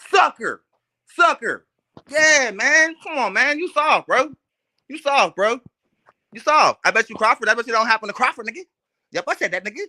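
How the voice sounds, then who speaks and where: Man, streamer, mocking trash talk, bright tone, animated pitch. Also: moderate pace. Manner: mocking, profane, laughing, repeats himself. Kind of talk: trash-talking boxing commentary.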